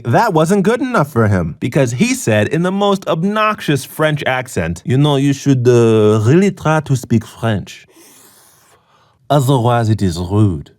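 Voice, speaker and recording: A male comedian telling a sarcastic comic story in punchy jokes. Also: a little high.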